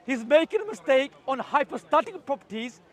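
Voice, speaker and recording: A man arguing theology in a heated public debate outdoors, rapid and insistent. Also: very high voice, very animated. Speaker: Christian street debater. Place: outdoor public park with crowd. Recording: busy outdoor crowd behind.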